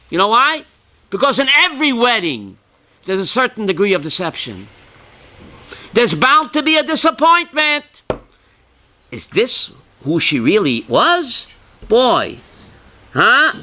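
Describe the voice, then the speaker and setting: A man, a rabbi leading a Torah class, quizzing his listeners by name and now and then raising his voice to drive a point home. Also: very high voice. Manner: calls on listeners by name, asks questions, bursts loud.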